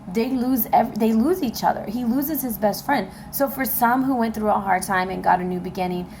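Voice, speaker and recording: With a mellow, mid-range voice and a bit of background noise, this tarot reader keeps things chatty. She talks directly to the people watching, dropping in frequent fillers and laughs during a relaxed reading.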